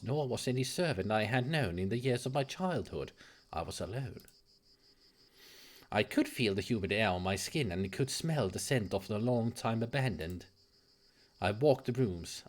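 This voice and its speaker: A man voicing a composed Victorian woman telling a dreadful story, in a low, hushed and measured tone while reading game dialogue aloud. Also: expressive, lightly acted.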